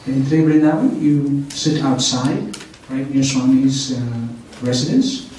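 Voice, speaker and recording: A man's voice: medium pitch, fairly even intonation, measured pace, darkish tone, slight background noise. A man telling a spiritual story to a gathering, checking in with his listeners as he goes. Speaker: speaker at a spiritual center. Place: meeting hall of a spiritual center. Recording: echoey hall, voice from far off.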